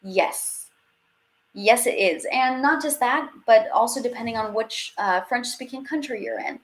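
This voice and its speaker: A woman's voice: fairly high pitch, a little slow. A woman teaching a live online French class, chatty and upbeat, reading out viewer questions as she goes.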